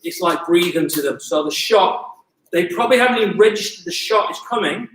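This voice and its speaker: A man's voice: sits high, lively intonation, a little fast, a bit bright. A man teaching an online Muay Thai class, coaching energetically and mixing in sound effects. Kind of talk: online fitness class instruction. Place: gym. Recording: echoey room, voice from a distance.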